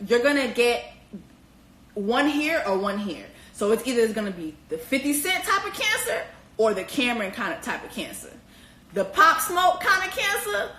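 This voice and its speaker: A woman hosting casual commentary on a reality TV show, animated and slangy, with profanity and squealing high exclamations. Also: reverberant, rough recording. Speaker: host.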